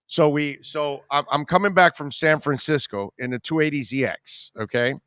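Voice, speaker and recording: A middle-aged man hosting a radio show, telling a long story in casual chat, rambling and animated with many restarts. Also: a little high, moderate pace, clean tone, dry recording.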